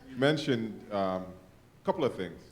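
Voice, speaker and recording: Low-voiced man prompting from off-mic. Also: animated, a little slow. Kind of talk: casual prompting.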